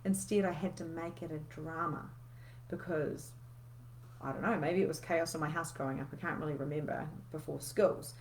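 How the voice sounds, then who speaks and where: A woman's voice: low-pitched, fairly even intonation, normal speed, slight background noise. Chatty woman coach, candid. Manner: chatty and candid, swears freely, reads out viewer comments. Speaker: coach hosting a live session. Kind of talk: casual live coaching talk.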